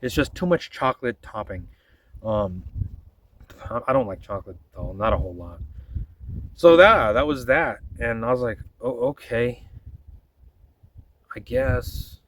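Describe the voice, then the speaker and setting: A man's voice: mid-range voice, lively intonation, a little slow, pauses often, a bit bright, far from the mic, slight background noise, poor audio. A man telling rambling, profane stories about making his videos, often quoting himself in a casual monologue. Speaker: vlogger.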